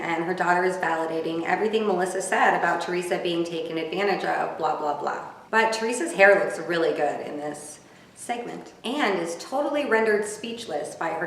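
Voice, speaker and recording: A woman delivers a gossipy, sarcastic running commentary on a reality TV episode, her slightly low voice picked up from a distance. The room is very echoey, with a faint hum of ambience behind her. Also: fairly bright tone. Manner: snarky, gossipy, chatty. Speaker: reality TV recapper. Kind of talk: casual live recap commentary.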